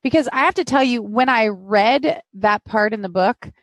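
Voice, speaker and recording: A woman's voice: fairly high pitch, lively intonation, normal speed, no room sound. Engaged woman hosting a live interview. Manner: engaged, speaks with feeling, recaps for viewers. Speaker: host.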